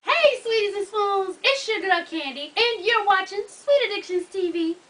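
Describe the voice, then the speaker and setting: A woman's voice: very high-pitched, moderate pace, a bit bright, recorded from a distance. A woman hosting her vlog in a sassy, playful casual chat, laughing often. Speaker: vlog host.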